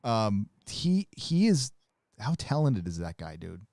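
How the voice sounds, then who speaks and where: A man's voice: lowish voice, very animated, slow, darkish tone, dry recording, studio quality. A man hosting a live podcast, chatting casually and rambling with lots of profanity. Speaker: host. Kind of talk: casual livestream chat.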